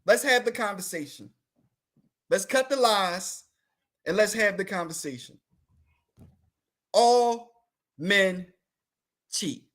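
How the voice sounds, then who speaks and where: Speaking slowly with long pauses, a man answers live comments as a talk show guest. His high, expressive voice has a fairly bright tone, and the lighthearted chat is full of teasing, frequent laughter, and elongated words for emphasis.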